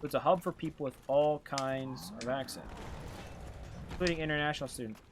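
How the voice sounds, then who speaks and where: A man streaming a game live, chatting casually and rambling between quick reactions to the action. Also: on the high side, noisy background. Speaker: gaming streamer. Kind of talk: casual live gameplay chat.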